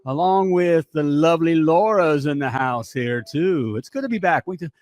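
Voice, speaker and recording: A middle-aged man hosts a live talk show in an energetic, repetitive way, dropping "all right?" and "hey" between lines. His voice is on the high side and his pace moderate.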